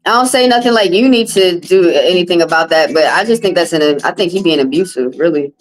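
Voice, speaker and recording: A woman's voice: lowish voice, brisk, rough recording. Blunt woman chatting with her viewers. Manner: blunt, casual, profane, talks straight to chat. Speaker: tarot reader. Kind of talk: live-stream chat with viewers.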